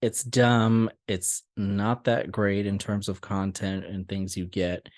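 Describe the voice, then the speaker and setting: A young man with a fairly low voice chats on a podcast, telling lively stories and laughing often. The sound is dry and close, with no room echo. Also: slow. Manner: laughing often, animated storytelling. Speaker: podcast co-host. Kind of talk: casual chat.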